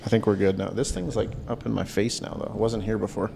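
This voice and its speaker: A young man, a podcast guest, chatting casually and telling stories in a loose, frank way with a gravelly voice. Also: fairly low pitch, steady tone, fast talker, warm tone, slight background noise. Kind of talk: casual chat.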